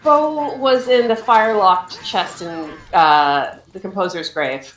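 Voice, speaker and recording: A woman commentating a game in an expressive, playful way. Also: mid-range voice, takes it slowly, roomy sound, poor audio.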